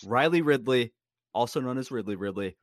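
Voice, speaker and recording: Male podcast co-host, mid-pitch, emphatic and teasing, dead-dry room. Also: lively intonation, a little fast, dry recording. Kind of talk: casual sports chat.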